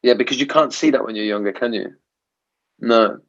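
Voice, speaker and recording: The same kind of casual interview chat comes from a podcast host whose medium-pitched voice runs a little fast and sounds a bit bright, captured with lo-fi quality. He reflects aloud, restarts phrases frequently, and leans on "right?" tag questions.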